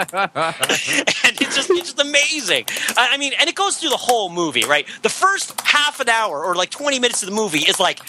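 Excitable high-voiced man gushing about a movie. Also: normal speed, background noise. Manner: excitable, laughing, breaks into mock heavy-metal narration. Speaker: podcast panelist. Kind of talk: casual movie review chat.

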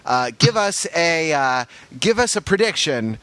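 A man hosting a podcast in loose, joking chat. His voice is bright and crisp, his pitch swings widely, and he sits close to a dry mic. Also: big pitch swings, unhurried, no echo. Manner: jokey, slips into funny voices. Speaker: podcast host.

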